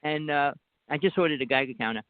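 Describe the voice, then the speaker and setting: A man's voice: a little high, fast, no echo. A man with a New Jersey accent, a guest talking insistently in a rambling phone conversation and pushing on over interruptions. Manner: insistent, talks over the other speaker. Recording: dry tinny phone line.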